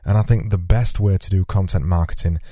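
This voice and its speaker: A man's voice: sits low, steady tone, brisk, dark tone, dry recording, clean studio sound. A man hosting a solo podcast, talking into a microphone from notes in a loose, conversational way, repeating phrases as he thinks aloud. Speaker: podcast host. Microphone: studio microphone.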